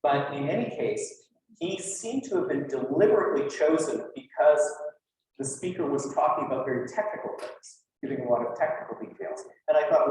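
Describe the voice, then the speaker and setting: A man's voice: on the high side, normal speed, darkish tone, distant mic, a little hiss or hum. A man giving a conference talk in a loose, chatty way, with many fillers and asides. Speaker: lecturer. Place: lecture hall. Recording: echoey hall, from afar.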